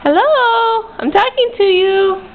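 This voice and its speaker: A woman's voice: high-pitched, animated, measured pace. A mother filming her toddler at home, coaxing her in sing-song baby talk. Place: home, indoors. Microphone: built-in camera mic. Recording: tinny lo-fi home camcorder audio with faint hiss.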